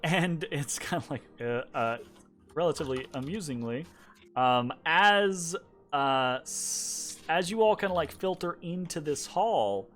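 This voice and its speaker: A man narrating a tabletop game as game master, halting and full of ums and fillers. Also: a little high, fairly bright tone. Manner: halting, lots of ums and kinda-likes.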